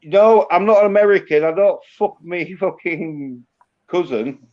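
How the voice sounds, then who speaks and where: A man's voice: high-pitched, unhurried. Yorkshire man, crude casual chat, lo-fi. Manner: crude, swears a lot, drawls. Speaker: host. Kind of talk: casual banter. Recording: dull lo-fi sound.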